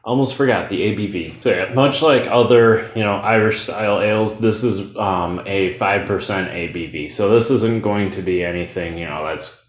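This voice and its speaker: Chatty male beer reviewer, low voice. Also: normal speed, few pauses, reverberant. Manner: loose and chatty, rambles off on tangents with fillers.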